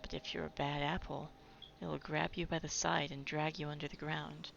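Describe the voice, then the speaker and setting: Woman putting on a whispered role-play granny, low gravelly hush, eerie bedtime tale, dull sound with game music under it. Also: level tone, moderate pace, a little hiss or hum, exaggerated voice. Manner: hushed, half-whispered. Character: soft-spoken old grandmother telling an eerie forest tale.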